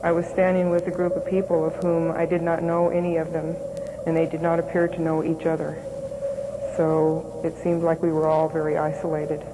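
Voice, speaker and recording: A woman, a former radar operator, giving halting documentary testimony with many pauses and fillers, over music. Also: low-pitched, monotone, heavy background noise. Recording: music underneath.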